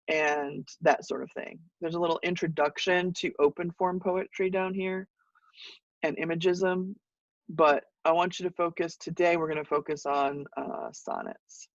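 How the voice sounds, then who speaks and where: A man teaching a college poetry class online, explaining in a relaxed way with frequent fillers and restarts. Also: a little high, no room sound. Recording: muffled distant mic.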